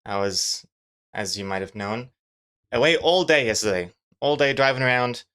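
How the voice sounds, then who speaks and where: A man's voice: medium pitch, expressive, normal speed, a bit bright, clear, resonant tone. A man chatting loosely on a live stream as he works on his comic, rambling and joking with many fillers. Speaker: webcomic artist streaming his drawing. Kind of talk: casual live-stream chat.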